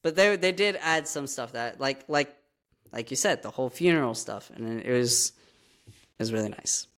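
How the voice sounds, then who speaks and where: A man's voice: mid-range voice, animated, normal speed, fairly bright tone. Laid-back slangy guy on a podcast. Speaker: podcast co-host. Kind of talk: casual chat.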